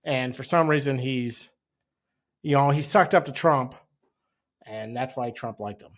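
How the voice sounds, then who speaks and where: A man co-hosting a podcast, making sarcastic remarks in casual political chat and often pausing on fillers. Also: medium pitch, a bit bright. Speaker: podcast co-host.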